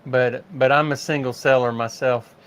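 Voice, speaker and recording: A man's voice: medium pitch, steady tone, normal speed, fairly bright tone, clean tone. An older man from the rural United States, hosting a casual livestream chat and reading viewer comments aloud with easy laughs. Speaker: livestream host.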